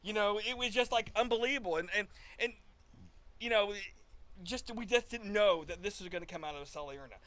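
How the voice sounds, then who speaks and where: Bright-voiced man telling animated stories. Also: high-pitched, brisk. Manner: animated, acts out quoted dialogue, frequent restarts. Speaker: guest musician. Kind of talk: casual storytelling chat.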